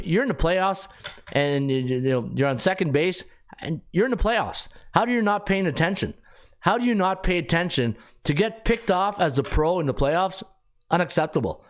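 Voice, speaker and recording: A middle-aged man hosting a sports betting podcast, talking casually in an animated, rambling way with frequent restarts. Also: a little high. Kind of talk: casual live-stream talk.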